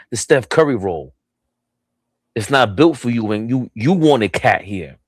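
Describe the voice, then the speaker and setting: Male sports stream host, mid-pitched voice, dry sound, heated and profane. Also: dry recording. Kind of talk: fired-up sports talk stream.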